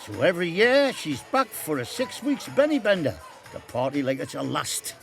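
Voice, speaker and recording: A man's voice: fairly high pitch, very animated, moderate pace, creaky, soft background music. A man narrating a documentary in a playful, punning scripted style.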